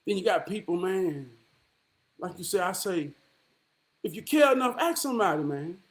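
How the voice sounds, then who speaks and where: High, lively voiced man preaching bluntly. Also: moderate pace. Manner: emphatic, profane, preachy, heavy rhetorical questions; repeats "man" as a filler. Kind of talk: impassioned monologue rant.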